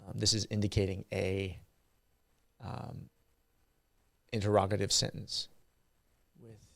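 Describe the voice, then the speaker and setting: A man giving a university grammar lecture, slow and halting with frequent ums and uhs. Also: on the low side, flat delivery, creaky, a bit bright, no echo.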